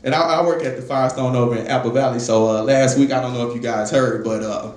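A man's voice: mid-range voice, fairly even intonation, fast talker, a little mellow. Young man doing loose open-mic stand-up. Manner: loose, conversational, profane. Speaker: stand-up comedian. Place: jazz club open mic. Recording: roomy club with faint ambience.

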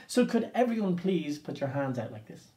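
A man's voice: a little high, very animated, moderate pace, dark tone. A man leading an interactive percussion class for children, upbeat and coaxing, counting beats aloud for listeners to copy. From Ireland. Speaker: drumming teacher.

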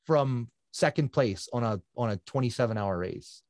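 A middle-aged man from Canada, a guest telling his story in a casual, animated way and acting out quotes. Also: mid-range voice, normal speed, no echo, studio quality. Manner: animated, conversational, acts out quotes.

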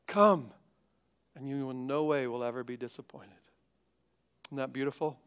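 A man preaching a sermon as pastor, moving between hushed, quiet passages and loud, urgent appeals. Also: mid-range voice, fairly even intonation, fairly quick, smooth. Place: church sanctuary.

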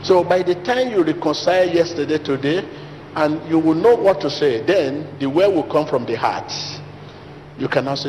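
Preaching as a pastor in a large church hall, a man delivers an emphatic, repetitive sermon that rises to a high pitch. His voice is animated and a little mellow, moving at a moderate pace. Long hall reverb and faint noise color the recording.

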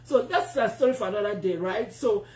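A woman preacher telling a testimony in a sermon, animated and acting out the voices she quotes. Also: medium pitch, a little fast. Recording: roomy echo.

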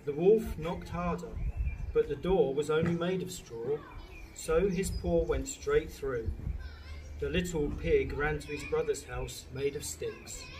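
A man, a teacher, reading a children's picture book aloud in a slow, lively storytelling manner. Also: a little high. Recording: distant mic, noisy background with birds.

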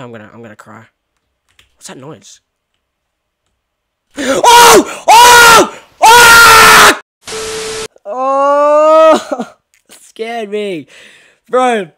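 Jumpy Australian gamer guy, bright voice. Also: high voice. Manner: jumpy, yelps and shouts when startled, slangy "bro" and "yo". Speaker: gaming YouTuber. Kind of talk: horror game let's-play commentary.

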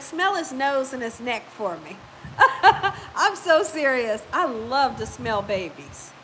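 A chatty woman hosts a live stream from home, her voice high and ringing bright. She laughs easily between viewer comments and keeps clearing a stubborn cough, with a faint hiss behind her. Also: low-quality recording. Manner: chatty, warm-hearted, quick to laugh. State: lingering cough. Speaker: cooking channel host.

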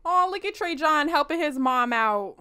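A young woman casually commenting on her life-sim game for viewers, animated, laughing and slangy. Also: sits high, normal speed, soft background music. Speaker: let's play host.

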